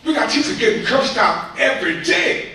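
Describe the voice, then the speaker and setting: A man's voice: very high-pitched, big pitch swings, moderate pace, bright, forceful tone. A man giving an impassioned, preachy public comment to a school board, repeating himself in colloquial speech. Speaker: community speaker addressing a school board. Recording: echoey hall from far off, faint noise.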